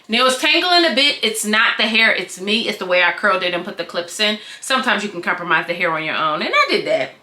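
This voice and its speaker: A woman's voice: mid-range voice, big pitch swings, fairly quick, few pauses, bright, forceful tone, echoey room. A young woman doing a casual vlog wig review, sassy and dramatic, swearing and laughing often. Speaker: beauty vlogger reviewing a wig.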